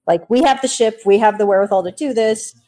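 Woman player, warm mellow voice, casual questions. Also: mid-range voice, quick pace. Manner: casual, questioning, many likes. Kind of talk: playing a tabletop game.

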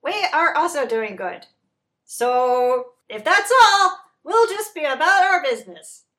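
A woman's voice: expressive, a little slow, a bit bright. A woman voicing a grinning ant alien who feigns innocence in a tabletop game. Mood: smugly polite. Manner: high, put-on sweet voice. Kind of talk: tabletop role-play.

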